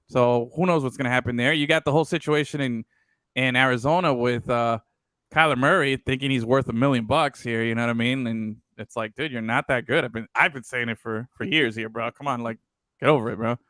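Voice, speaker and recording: A man with a bright, crisp voice talks football in a loose, rambling way, swearing freely. The sound is dry and close. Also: mid-range voice, steady tone, brisk, no room sound. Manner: loose and profane, rambling with fillers. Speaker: podcast co-host. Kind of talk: casual sports talk.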